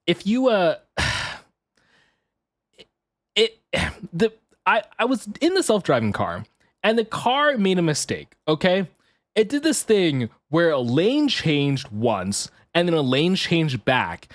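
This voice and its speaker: A man's voice: a little high, very animated, slow pace, no room sound, studio quality. A man streaming casually as a VTuber. He swears, laughs often and rants half-jokingly. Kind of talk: casual live-stream chat.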